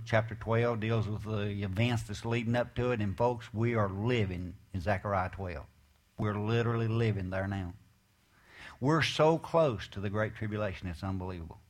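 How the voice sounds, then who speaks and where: A man preaching a sermon and reading scripture aloud, earnest and emphatic. He asks rhetorical questions and moves between raised, stressed points and quiet asides. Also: lowish voice.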